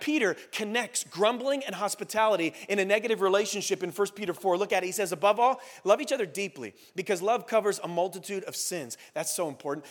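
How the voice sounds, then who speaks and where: A man preaching a sermon as pastor, animated, dropping into low muttering voices to act out inner grumbling. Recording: long hall reverb.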